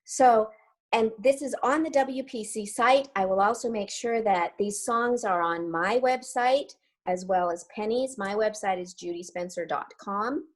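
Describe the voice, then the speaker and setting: A middle-aged woman leading a sing-along warm-up as choir leader, upbeat and coaching, with crisp diction. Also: medium pitch, a little slow.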